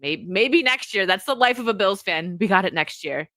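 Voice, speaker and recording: A woman's voice: mid-range voice, lively intonation, moderate pace, pushed and bright, no echo, clean studio sound. A woman from the United States hosting a podcast, chatting casually and giggling, and reading out messages from viewers. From USA. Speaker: podcast host.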